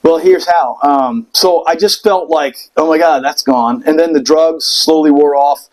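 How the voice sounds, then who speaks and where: Animated, swearing man telling a story. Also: a little high, unhurried, rough recording. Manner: animated, profane, acts out voices in quotes. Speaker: podcast guest telling his story. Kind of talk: casual storytelling chat.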